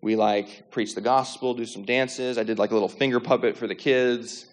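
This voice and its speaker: A man shares his faith testimony in a lively, conversational style. He acts out the people in his story and scatters filler words throughout. His voice sits in a middle register and carries a long reverb, as if he is speaking in a large hall. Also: mid-range voice, moderate pace. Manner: lively, acts out quoted dialogue, many "like" fillers. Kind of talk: animated storytelling.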